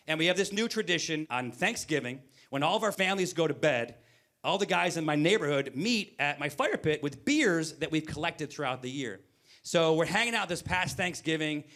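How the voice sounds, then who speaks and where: A man in his forties doing stand-up comedy, animatedly acting out both sides of conversations with quick voice shifts. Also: fairly high pitch, fairly bright tone. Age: 40s. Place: brewery stage before a live audience.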